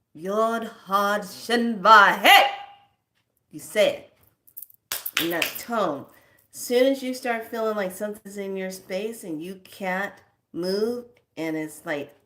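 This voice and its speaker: A woman giving spiritual teaching to camera in an emphatic, colloquial way. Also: medium pitch. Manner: slow, emphatic, colloquial; chants words drawn out.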